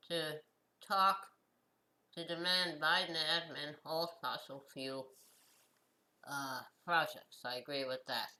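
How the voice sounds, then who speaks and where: A woman hosting her own show, reading news headlines and adding short comments, slow and halting with many fillers and restarts. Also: sits low, sharp tone, poor audio. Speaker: host.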